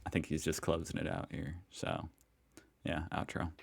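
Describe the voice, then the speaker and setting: American man, low deep voice, casual and amused reaction host. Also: monotone, normal speed, creaky, noisy background. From United States. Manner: chatty and amused, laughs easily. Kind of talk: casual chat.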